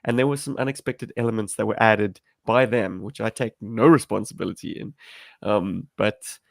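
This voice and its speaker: Guest role: low, gravelly man from South Africa, rambling and self-deprecating, dry close sound. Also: steady tone, moderate pace, no room sound. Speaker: amateur filmmaker guest. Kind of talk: livestream discussion. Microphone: video call.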